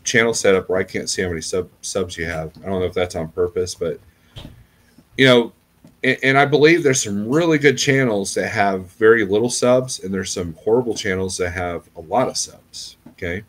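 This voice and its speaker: Middle-aged trucker guy rambling on his vlog, lowish voice, keeps saying okay?. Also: normal speed, a bit bright. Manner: rambling, conversational, checks in with "okay?". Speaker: trucker YouTuber. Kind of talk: casual vlog monologue.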